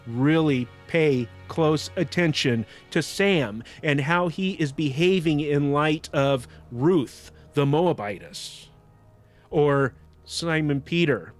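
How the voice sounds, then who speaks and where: A man's voice: on the high side, a little slow, soft background music. A man hosting a podcast, reflecting on a book in casual commentary with frequent restarts. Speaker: podcast host.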